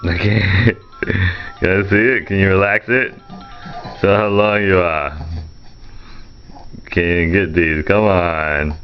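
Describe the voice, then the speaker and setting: A man talking playfully to an infant while filming, coaxing him and jumping into high baby-talk pitch. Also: fairly even intonation, slow, pauses often, muffled recording, soft background music.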